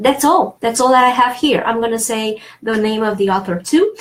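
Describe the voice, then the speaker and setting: A woman's voice: medium pitch, lively intonation, fairly quick, hardly any pauses. A woman with a French accent giving a pronunciation lesson, explaining rules step by step with frequent fillers. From France. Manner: explanatory, thinks aloud with fillers and restarts. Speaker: French teacher.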